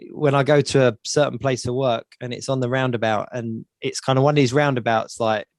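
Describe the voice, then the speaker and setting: Guy rambling on a podcast, chatty, keeps repeating himself, mid pitch, dry sound. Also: steady tone, a little fast, no echo. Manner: chatty, rambling, repeats words while thinking. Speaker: podcast co-host. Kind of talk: casual podcast chat.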